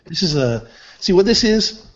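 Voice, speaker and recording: A man's voice: high-pitched, very animated, moderate pace, dull audio. A man arguing heatedly as a guest on a live online show, combative and repeating himself to talk over his opponent. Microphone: video call.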